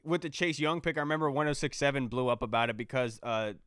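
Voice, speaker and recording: Podcast co-host, man, smooth clear voice, dry close mic, confident delivery. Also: medium pitch, fast talker, a bit bright, no room sound. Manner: confident, reads listener questions. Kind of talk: casual sports podcast chat.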